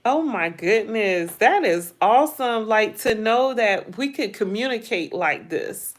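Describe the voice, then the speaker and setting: A middle-aged woman hosting a casual livestream, chatting with viewers, asking them lots of questions in a playful, drawn-out way. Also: fairly high pitch, lively intonation. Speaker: livestream host. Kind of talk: casual livestream chat reading viewer comments.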